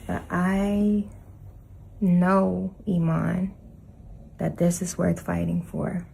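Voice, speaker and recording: A woman's voice: on the low side, level tone, very slow, creaky, warm tone, slightly rough, heavily acted, low-quality recording. An actress playing a clingy, possessive young girlfriend in a comedy sketch, pleading and insistent.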